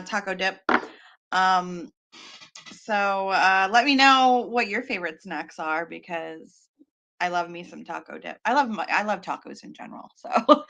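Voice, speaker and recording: A bright, clear-toned woman with a Pennsylvania accent chats casually to her livestream viewers. She talks in an easy, rambling way, full of ums and quick laughs. Her pitch sits a little low for a woman. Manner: chatty, laughs often, many fillers. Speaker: livestream host. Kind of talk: casual chat during a writing livestream.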